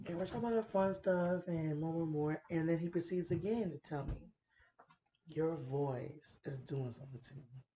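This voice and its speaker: With slight background noise, a podcast host in her thirties speaks at a normal speed in a low, warm voice. She tells a frank, profane story on a casual chat show, laughing often and talking playfully.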